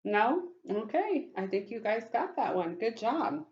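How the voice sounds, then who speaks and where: A woman teaching a phonics lesson to young children, speaking slowly and warmly, praising them often and sounding out words. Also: on the high side, lively intonation, highs cut off. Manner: slow, encouraging, praising often. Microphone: webcam.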